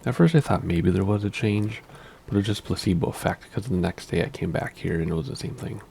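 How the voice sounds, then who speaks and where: A man hosting a casual gameplay commentary at home, talking quietly, very close to the microphone so as not to wake anyone. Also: low voice, brisk, vocal fry, slight background noise. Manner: hushed, keeping quiet so as not to wake people. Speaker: Minecraft server let's-play host. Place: at home, indoors.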